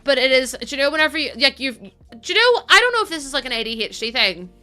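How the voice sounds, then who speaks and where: A woman's voice: high-pitched, sing-song, fast talker, pushed and bright, soft background music. A woman, chatting casually on a live stream as she builds in a game, tired from little sleep and rambling with fillers and laughs.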